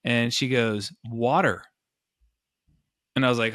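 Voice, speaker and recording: A man's voice: medium pitch, expressive, fast talker, long pauses, fairly bright tone, no echo, studio quality. A man co-hosting a podcast, talking casually and with enthusiasm, rambling with many restarts. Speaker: podcast co-host. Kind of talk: casual chat.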